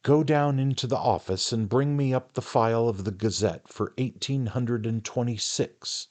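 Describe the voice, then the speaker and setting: A man's voice: medium pitch, moderate pace, darkish tone, lightly acted. A man doing a pompous, fussy editor. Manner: self-important, meekly placating toward his wife. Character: pompous, fussy small-town newspaper editor.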